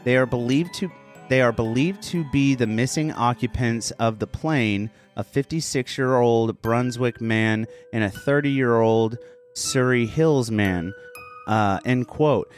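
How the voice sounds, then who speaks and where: A man's voice: mid-range voice, a little slow. Man, podcast co-host, casual, reads news aloud, jokey, swears, faint music behind. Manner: laughs often, swears, breaks into a joking accent.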